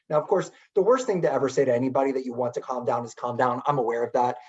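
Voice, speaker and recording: A middle-aged man telling a story in a webinar talk as keynote speaker, chatty and animated with many filler words. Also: medium pitch, rapid-fire, hardly any pauses. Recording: dull lo-fi webinar audio.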